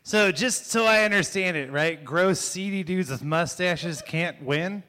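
A man's voice: sits high, a little slow, bright, forceful tone. A male comic on a comedy club stage, firing back a sarcastic, mocking rebuttal. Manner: sarcastic, mocking, keeps asking "right?". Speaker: stand-up comic in a debate show.

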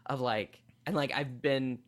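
A man appearing as a comedian guest on a podcast, talking fast and animatedly, jumping between tangents with lots of "like" and self-deprecating asides. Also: mid-range voice, fairly even intonation, a bit bright. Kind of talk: casual chat. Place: New York.

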